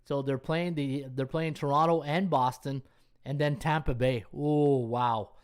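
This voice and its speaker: A man hosting a daily sports betting podcast in a loose, unscripted chat. His voice sits at an ordinary middle pitch, and he rambles, restarts and thinks aloud while checking schedules on screen and reading viewers' chat. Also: fairly even intonation, unhurried, clean tone. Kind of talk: casual live-stream chat.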